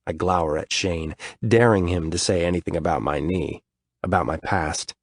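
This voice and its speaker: A man's voice: low-pitched, normal speed, no room sound. A man narrating a story in first person, weary and grumbling, with frequent swearing. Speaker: audiobook narrator.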